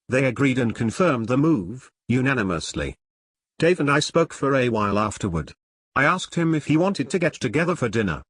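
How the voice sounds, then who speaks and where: A man narrating his own novel in the first person, reading at a measured pace. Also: mid-range voice, slightly rough, dry recording, studio quality. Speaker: author and narrator. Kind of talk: audiobook narration.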